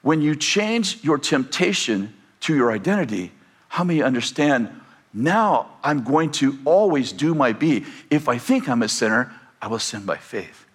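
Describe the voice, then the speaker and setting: A man's voice: mid-range voice, lively intonation, a little slow. A man preaching a sermon as pastor, asking the congregation rhetorical questions and acting out quoted voices.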